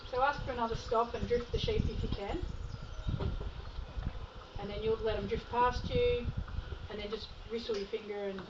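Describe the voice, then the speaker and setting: A woman's voice: fairly high pitch, moderate pace, long pauses. Australian female herding trainer, encouraging and patient, heard at a distance in an echoey, muffled outdoor recording. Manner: calm, encouraging, praises the dog often. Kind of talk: outdoor coaching instructions. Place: outdoor paddock with sheep and dogs. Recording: distant, roomy, dull, noisy outdoor audio.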